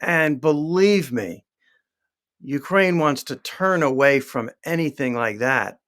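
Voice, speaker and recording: Measured man explaining history. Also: fairly high pitch, animated, fairly bright tone. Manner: measured, explaining with fillers and asides. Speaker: historian guest. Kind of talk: explanatory interview talk.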